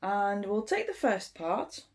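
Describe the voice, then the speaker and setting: A woman giving an informal language lesson, explaining step by step in an unhurried way with frequent ums. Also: medium pitch, sing-song. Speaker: English teacher.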